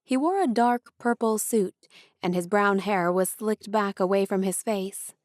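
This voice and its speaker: A woman narrating an audiobook in a measured storytelling style. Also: mid-range voice, no room sound, studio quality.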